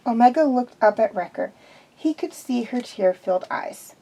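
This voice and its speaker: A woman's voice: medium pitch, expressive, moderate pace, warm tone, breathy edge, low-quality recording. A woman reading fan fiction aloud in an unpolished way, with restarts. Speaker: reader.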